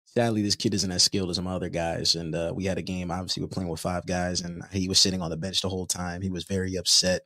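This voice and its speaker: Low-voiced man telling an animated story. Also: fast, dry recording, studio quality. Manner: animated, repeats words when excited. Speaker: podcast host and youth basketball coach. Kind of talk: casual podcast storytelling.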